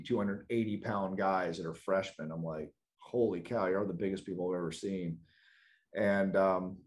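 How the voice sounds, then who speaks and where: Laughing man telling a lively story. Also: lowish voice. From South Carolina, US. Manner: animated, laughs often, acts out quoted lines. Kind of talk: casual storytelling.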